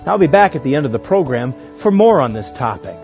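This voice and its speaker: A man hosting a religious broadcast, reading a scripted introduction in a smooth announcer style. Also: mid-range voice, very animated, fairly quick, darkish tone. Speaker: program host. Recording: dull sound with music behind.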